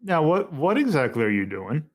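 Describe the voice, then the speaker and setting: A wry, self-assured woman in a tabletop role-play who speaks in a teasing, knowing way, a little higher than an everyday voice, as a man puts her on. She sounds amused and in control. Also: very animated, normal speed.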